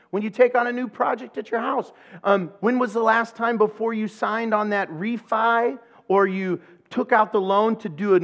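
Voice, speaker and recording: Animated storytelling pastor, fairly high voice. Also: male voice. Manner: animated storyteller, acts out voices and laughs at his own jokes. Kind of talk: sermon with a humorous personal story.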